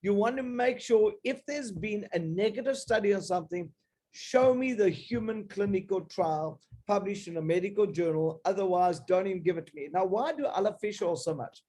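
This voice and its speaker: A man speaks in a high, mellow voice, selling a health idea to a live audience. He is emphatic and persuasive and often breaks off and restarts his phrases. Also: normal speed. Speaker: health supplement presenter.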